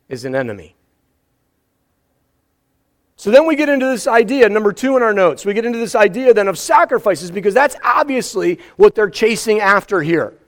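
A man preaching a sermon as pastor, lively and dramatic, acting out scripture passages as he teaches. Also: sits high. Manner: animated, acts out scripture with exclamations.

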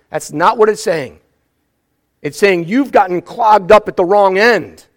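A man with a high voice delivers a sermon from the pulpit. He preaches with animated energy and breaks into small acted scenes to bring scripture to life. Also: measured pace. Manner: animated, acts out scripture with exclamations. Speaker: pastor.

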